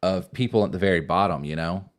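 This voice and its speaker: A man's voice: low voice, quick pace. A man hosting a podcast in a studio, chatting casually and rambling about shows and camera gear. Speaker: podcast host. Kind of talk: casual chat.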